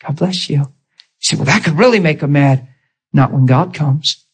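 Male preacher, slightly high and husky, storytelling sermon style. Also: expressive, normal speed. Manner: storytelling, quoting both sides of conversations. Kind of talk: sermon with acted-out stories.

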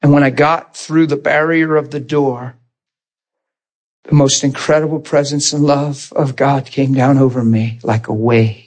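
Husky-voiced man telling his testimony. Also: mid-range voice, measured pace. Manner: animated storytelling, acts out quoted voices, laughs often. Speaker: preacher sharing his testimony. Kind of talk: sermon testimony.

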